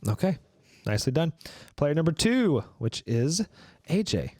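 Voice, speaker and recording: A man hosting a comedy podcast game, calling on players with brisk, upbeat prompts. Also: fairly high pitch, sing-song, darkish tone, dry recording. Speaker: podcast host running a game.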